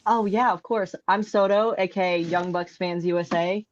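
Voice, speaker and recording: A woman's voice: on the low side, fairly even intonation, normal speed, slight background noise. A woman guest on a live stream, an eager and chatty superfan, talking over a video call. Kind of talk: casual chat on a live stream. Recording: dull lo-fi call audio.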